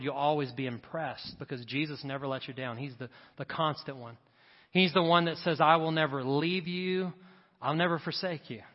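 Preaching in a large church hall whose long reverb trails each line, this middle-aged man speaks a little high and slightly raised. He builds his points with rising emphasis and quick remarks to the congregation, and the sound comes across a little dull.

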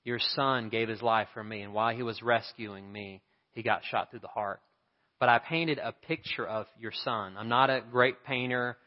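A man's voice: mid-range voice, fairly even intonation, moderate pace, natural voice. A man voicing a humble young male soldier, earnest and a little hesitant, in a sermon story. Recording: reverberant hall, dull lo-fi sound.

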